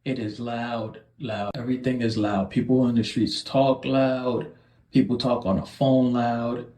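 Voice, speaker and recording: A man's voice: mid-range voice, flat delivery, a little slow, dark tone. A man from New York City giving emphatic, earnest travel tips. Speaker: travel video host. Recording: echoey room.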